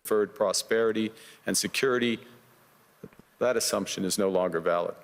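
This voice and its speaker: A man from Canada delivers a formal prepared speech in a measured, rhetorical way. His voice sits fairly low. The clip carries a long reverb tail. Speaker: political leader giving a speech.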